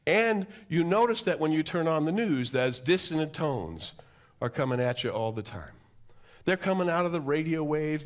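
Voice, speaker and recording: A man giving a sermon as a guest speaker, with dramatic, drawn-out emphasis and questions put to the audience. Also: a little high. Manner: dramatic, drawn-out emphasis with wide swings in loudness; preacherly, asks the audience questions. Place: church hall.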